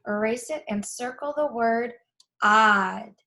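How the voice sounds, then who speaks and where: A woman teacher walking children through a workbook lesson, patiently repeating the key words slowly. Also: on the high side. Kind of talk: guiding a class through a workbook.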